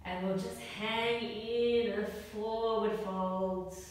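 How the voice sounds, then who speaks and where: A young woman leads a children's yoga class with gentle, encouraging cues, taking her time over every instruction. Her voice comes from across a big, echoey hall with a long ring of reverb. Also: mid-range voice, steady tone, drawn-out words, distant mic, a little hiss or hum. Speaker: kids' yoga teacher.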